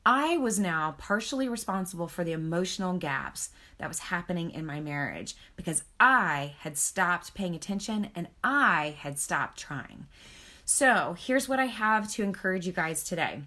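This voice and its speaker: A marriage counselor and author hosts a book club live stream, teaching casually on video. She speaks earnestly and encouragingly, checking in with viewers and reading their comments aloud, her lowish voice sharp in tone with lively intonation at a normal speed.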